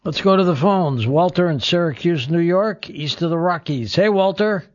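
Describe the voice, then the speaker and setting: A man's voice: a little high, moderate pace, darkish tone, dry recording. Man, call-in radio host, brief prompting questions, dry muffled audio.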